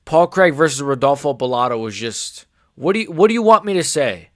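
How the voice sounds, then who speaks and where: A man's voice: a little high, lively intonation, fairly quick, fairly bright tone, no echo, studio quality. A man in his forties giving a heated, sarcastic reaction rant full of swearing. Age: 40s. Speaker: MMA commentator.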